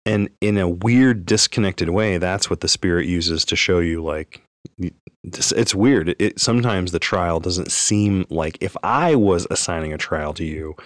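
A man with a very deep voice adds his thoughts on a podcast in a loose, informal way, often restarting sentences. The sound is dry and close to the mic. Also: normal speed, dry recording. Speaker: podcast co-host. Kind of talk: casual podcast discussion.

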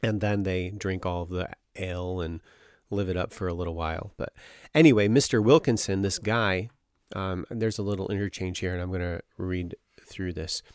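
A man's voice: deep voice, moderate pace, hardly any pauses, no echo, studio quality. A man casually retelling and discussing a novel with friends, rambling with fillers. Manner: rambling, animated summarizing with filler words. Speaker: book club member.

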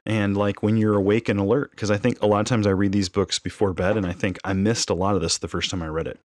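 A man with a fairly low voice, chatty and animated as he co-hosts a casual book podcast. The sound is close and dry. He tells his stories with lively energy. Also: quick pace, dry recording. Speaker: podcast co-host. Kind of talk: casual chat.

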